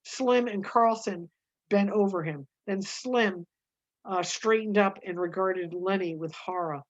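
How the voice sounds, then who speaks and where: A woman reading a novel aloud with her own comments, halting, with frequent fillers and self-corrections. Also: mid-range voice, muffled recording. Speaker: reader.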